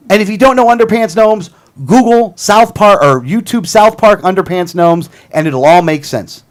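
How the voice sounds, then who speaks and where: A man's voice: high voice, lively intonation, unhurried, long pauses. Heated, combative male talk show host. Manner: heated, combative, repeats himself. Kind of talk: casual political rant.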